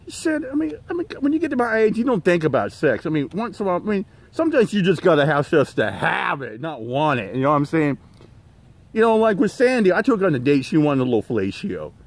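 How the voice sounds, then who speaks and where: A man's voice: fairly high pitch, big pitch swings, fast. Profane rambling middle-aged man. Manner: profane, rambling, many fillers and restarts. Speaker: channel host. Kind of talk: rambling livestream rant.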